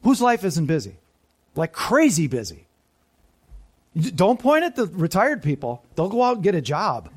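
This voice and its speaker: A man's voice: high voice, wildly swooping pitch, moderate pace, breathy edge. Preaching man asking the room questions. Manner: call-and-response questions to the congregation, dropping to soft asides. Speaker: pastor. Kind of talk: sermon.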